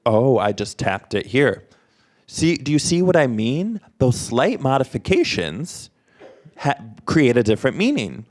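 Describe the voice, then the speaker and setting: Slow, lively man leading a workshop. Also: mid-range voice. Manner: quizzes the audience with short prompts and questions. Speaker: sign language interpreter voicing a presenter. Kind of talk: interactive workshop teaching.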